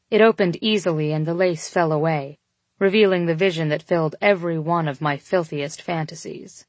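Give me a woman with a lowish voice reading a first-person story, steady and intimate, dry and close to the mic. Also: no echo. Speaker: audiobook narrator. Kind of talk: scripted first-person narration.

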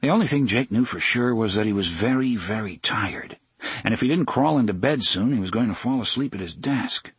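A man narrating a novel in a measured, steady storytelling manner. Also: on the low side, breathy edge, dry recording. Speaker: audiobook narrator. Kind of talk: scripted narration.

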